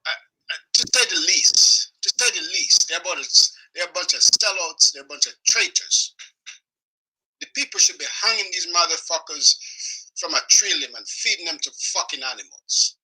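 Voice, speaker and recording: A man delivering an angry, profane weekly rant, swearing constantly and shouting in bursts. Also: on the high side, expressive, normal speed, husky, poor audio. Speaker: video blogger.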